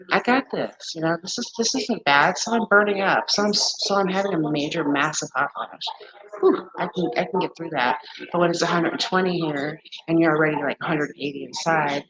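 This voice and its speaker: A woman in her forties or fifties chatting casually on a livestream, candid and blunt, swearing freely, talking straight to her viewers and acting out friends in high, exaggerated voices. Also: normal speed, a crowd in the background, poor audio. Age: 40s to 50s. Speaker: livestream host.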